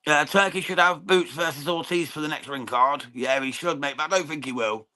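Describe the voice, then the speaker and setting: An English man hosts a live boxing stream in loose, chatty commentary, often calling his viewers mate and swearing now and then. His voice is bright and forceful and sits a little high. He's informal and talkative, like a mate talking over the fight. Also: a little fast. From England. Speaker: watchalong stream host.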